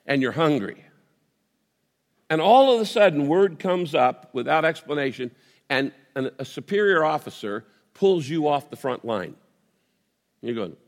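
A man preaching a sermon as a pastor, telling a vivid story with swings between lively and soft intimate tones. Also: fairly high pitch, big-room sound.

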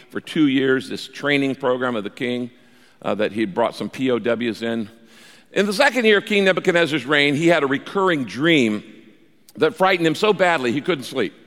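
A man preaching a sermon as a pastor, telling the story in a lively way and acting out the quoted speech. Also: fairly high pitch, long reverb tail.

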